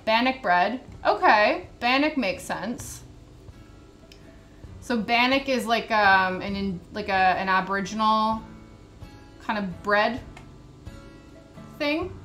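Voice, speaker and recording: A woman's voice: medium pitch, slow pace, pauses often. A woman vlogger chatting casually as she reads a recipe list, with sarcastic, indignant commentary. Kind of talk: casual chat while reading a recipe list. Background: soft background music.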